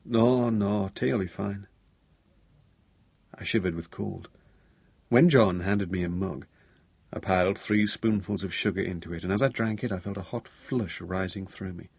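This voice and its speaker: Low, gravelly male audiobook narrator. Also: moderate pace, a little mellow, no echo. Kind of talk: first-person audiobook narration.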